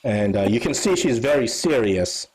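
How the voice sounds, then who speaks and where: A husky-voiced man runs a tabletop game, narrating at a middle pitch. He rambles, stopping and restarting with lots of fillers. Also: lively intonation, moderate pace, a little mellow, poor audio. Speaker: game master.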